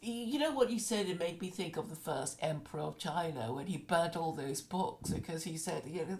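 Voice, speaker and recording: A woman's voice: low voice, fairly quick, hardly any pauses, darkish tone. A woman in casual conversation, talking in an opinionated, chatty way with frequent restarts.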